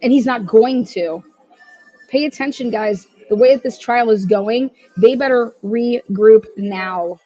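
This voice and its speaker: A woman's voice: fairly high pitch, unhurried, warm tone, no echo, faint music behind. Woman ranting profanely, dull lo-fi audio. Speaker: livestream host. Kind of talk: heated true-crime livestream commentary.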